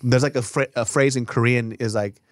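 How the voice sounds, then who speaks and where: Male co-host, mid pitch, blunt and joking. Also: fairly even intonation, fairly quick, no room sound, studio quality. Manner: blunt, profane, joking reactions. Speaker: podcast co-host. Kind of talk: casual podcast chat.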